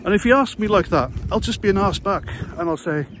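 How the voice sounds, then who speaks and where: A man's voice: sits high, animated, fast, a bit bright. British bloke in his 40s, sarcastic and sweary, huffing along a country path with his phone, wind and outdoor noise all over it. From Britain. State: breathing heavily while walking. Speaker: vlogger, ex-soldier and ex-prison officer. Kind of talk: sarcastic walking vlog monologue. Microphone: handheld phone camera. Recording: outdoor noise while walking.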